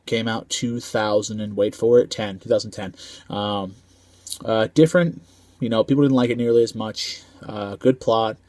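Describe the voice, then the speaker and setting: Casual male movie reviewer, slangy and rambling, lowish voice, dry recording. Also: steady tone, normal speed, a little mellow, dry recording. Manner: slangy, rambling, lots of filler ums.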